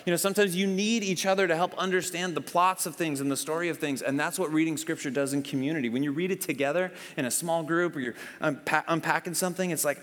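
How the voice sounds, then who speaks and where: A man preaching a sermon in a church hall, his voice a bit higher than most men's. He talks in a loose, conversational way and acts out little exchanges as he tells stories. The long reverb of the hall trails after his words. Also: fast, hardly any pauses. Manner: conversational, animated storytelling with acted-out dialogue. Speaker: pastor.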